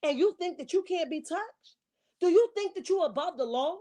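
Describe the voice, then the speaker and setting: High-voiced woman in a fiery scolding rant. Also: lively intonation, normal speed, warm tone. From Camden, New Jersey. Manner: scolding, fiery, rhetorical questions. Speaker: online commentary host. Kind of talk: heated rant commentary.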